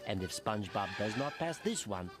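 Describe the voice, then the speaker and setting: A man's voice: on the low side, very animated, normal speed, music in the background. A man voicing a wonder-struck male nature-documentary narrator who has a thick foreign accent and lingers over each phrase. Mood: awed. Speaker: cartoon narrator.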